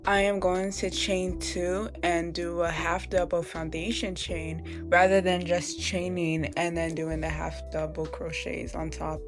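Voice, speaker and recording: A young woman narrates a crochet tutorial with music playing behind her, casually and playfully calling viewers "y'all" and laughing at her own struggles. Her voice is on the low side, level in tone, measured, with few pauses.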